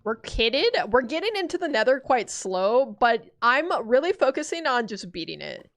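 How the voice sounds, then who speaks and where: A woman in her twenties giving casual gameplay commentary, animated and self-deprecating, cursing as she rants. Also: high voice, moderate pace. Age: 20s. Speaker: gaming streamer.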